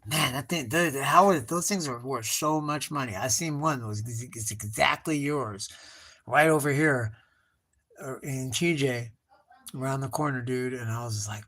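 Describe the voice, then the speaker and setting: Slightly high and fairly bright, this man's voice moves at normal speed as he draws live and rambles through nostalgic tales. The middle-aged artist swears freely, uses slang, addresses the listener as bro and dog, and often trails off before restarting.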